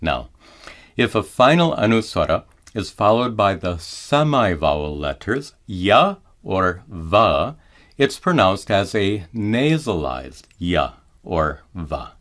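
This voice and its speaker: A man teaching mantra pronunciation in a careful scripted lesson, slowing down to chant each example. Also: low-pitched, very animated, fairly bright tone. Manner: slow, careful explanation with drawn-out chanted examples.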